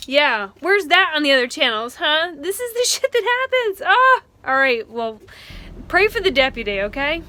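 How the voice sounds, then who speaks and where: A woman's voice: high-pitched, big pitch swings, normal speed, sharp tone. A young woman vlogging outdoors at night beside a beach, frazzled and emotional, swearing and laughing nervously. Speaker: van life vlogger. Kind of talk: casual vlog.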